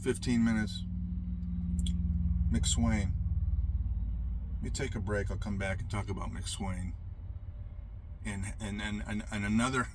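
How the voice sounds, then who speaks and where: A man's voice: medium pitch, breathy edge. A man ranting in a profane, rambling monologue about his service days.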